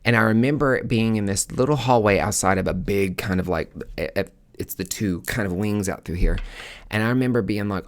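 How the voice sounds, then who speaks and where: A man with a somewhat low voice tells a personal story in a loose, casual monologue. He is animated and dramatic, and he swears freely as he acts out his own reactions. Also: moderate pace. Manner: animated, profane, dramatic retelling. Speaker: podcast host.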